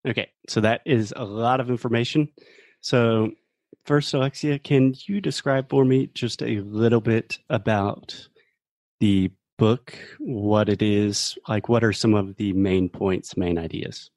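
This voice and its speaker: A man's voice: lowish voice, unhurried, a little mellow, dry recording, clean studio sound. A man, co-hosting a casual podcast chat and patiently explaining English pronunciation. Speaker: co-host teaching English.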